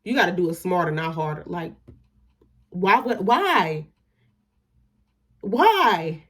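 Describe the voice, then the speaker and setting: A woman's voice: fairly low pitch, animated, slow, husky. A young woman telling a storytime on her vlog, indignant and emphatic, swearing freely and trailing off into "da, da, da" when she skips details. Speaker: storytime vlogger.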